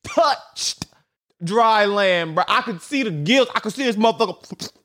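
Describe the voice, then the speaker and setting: A young man hosting a comedic solo podcast, rambling and animated, swinging his pitch around for laughs and often repeating himself. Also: a little slow. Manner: animated, swings pitch widely for comic effect; rambling, repeats and restarts phrases. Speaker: podcast host.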